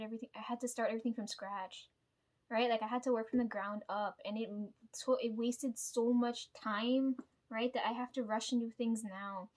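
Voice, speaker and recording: A young woman talks straight to her own camera in a loose, rambling vlog. Her voice sits a bit high for a woman, and she fills the gaps with "like" and "right?" and swears without a second thought. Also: a little mellow. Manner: rambling, swears freely, many fillers and tag questions. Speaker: vlogger. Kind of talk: casual personal vlog storytelling.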